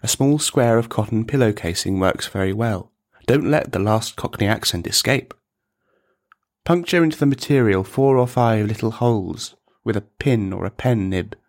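A man narrating a dark comic story in a measured, deliberate, deadpan manner. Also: lowish voice.

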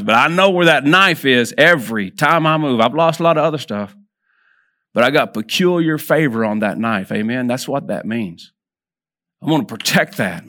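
Guy preaching to a room of men, gets loud and high then goes quiet for the prayers, lots of amen?. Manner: builds in pitch and volume when exhorting, drops soft and low for prayers; conversational, repeats words when restarting, calls for amens. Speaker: preacher at a men's gathering. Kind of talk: sermon.

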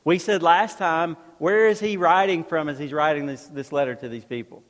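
A high-voiced male pastor preaches in a relaxed, conversational way. He keeps turning to the congregation with rhetorical questions, and his voice rings out with a long reverb tail, as in a church sanctuary. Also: normal speed. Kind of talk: sermon.

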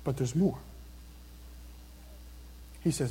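A man preaching a sermon, earnestly posing questions to his listeners and slowing down to read scripture aloud. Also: high voice, animated, warm tone. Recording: long reverb, hall-like.

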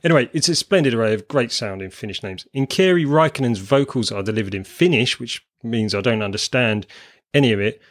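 A man co-hosting a music podcast, chatting in a rambling, self-deprecating way. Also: mid-range voice. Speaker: podcast co-host. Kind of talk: casual chat about music.

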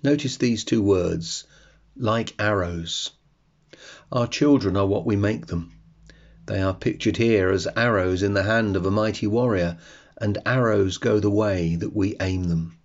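Low-voiced guy doing a slow bible devotional, kinda dull lo-fi sound. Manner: slow, measured, reflective. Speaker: podcast host.

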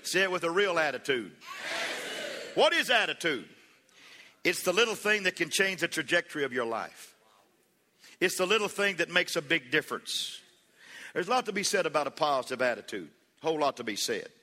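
Man, pastor, sermon, fervent, folksy humor, calls for responses, bright voice, echoey church hall. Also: a little high, big pitch swings, a little fast, pauses often. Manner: preaching with rising fervor, calls for congregation responses.

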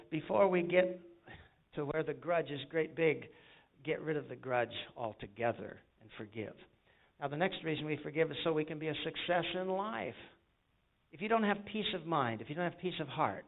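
A man from the United States preaching a sermon, pitched a bit high, calling out to the congregation and telling folksy stories. The sound is thin and phone-like, as if from a tinny line. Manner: call-and-response, folksy storytelling. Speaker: pastor.

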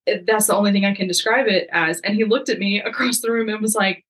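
A young woman, a podcast guest, telling a story in a lively, casual way and acting out the lines of the people in it. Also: mid-range voice, fast talker, rough recording. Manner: lively, acts out quoted dialogue.

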